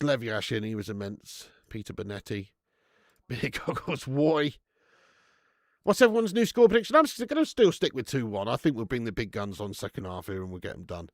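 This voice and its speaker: A middle-aged man, chatting excitably through a live football watch-along, swearing and bantering with his viewers. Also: on the high side, no echo, clean studio sound.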